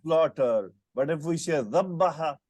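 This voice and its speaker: A man's voice: on the high side, expressive, moderate pace, a little mellow, no echo. A man teaching Arabic grammar in an online lesson, patiently quizzing his student with short questions over a call. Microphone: computer mic on a video call.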